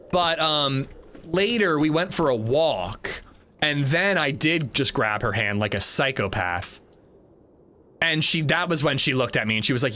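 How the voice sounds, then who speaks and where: It's a young man streaming a game live, laughing as he tells his audience a story and reads out their chat. He has a fairly high pitch and a moderate pace, with slight background noise.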